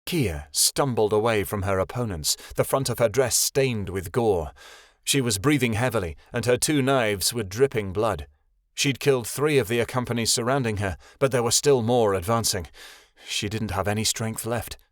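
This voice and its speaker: A man's voice: on the low side, normal speed, no echo, clean studio sound. Man narrating a fantasy audiobook. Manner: steady storytelling, voices every character.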